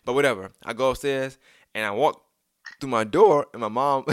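A man's voice: mid-range voice, moderate pace, no echo, clean studio sound. A young man casually telling a story from his childhood, rambling with many restarts and asides, and acting out the lines he quotes.

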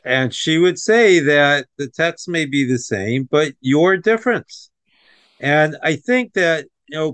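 A man speaks thoughtfully and steadily, building his point in measured phrases. His voice is recorded close and dry, with no room sound. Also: fairly high pitch, a bit bright, dry recording. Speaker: rabbi, co-host. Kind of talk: reflective discussion.

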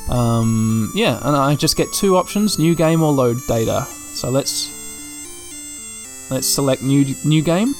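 A man narrating a video game as he plays, describing what is on the screen and thinking out loud. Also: medium pitch, expressive, measured pace. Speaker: gameplay commentator. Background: faint game music.

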